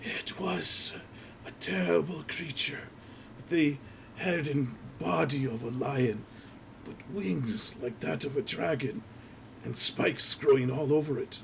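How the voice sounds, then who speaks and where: A raspy, haunted voice from the dead, put on by a man. It sits higher than his usual register and comes out hushed, as if from a distance. The delivery is halting and grim, like a testimony in a tabletop game. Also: a little hiss or hum.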